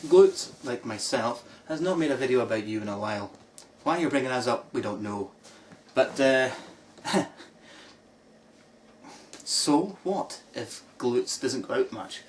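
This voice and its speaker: A man's voice: medium pitch, animated, unhurried. A Scottish man mocking a critic in a sarcastic response video, drawing out his put-downs. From Scotland. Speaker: video blogger replying to a critic. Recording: distant mic with faint background noise.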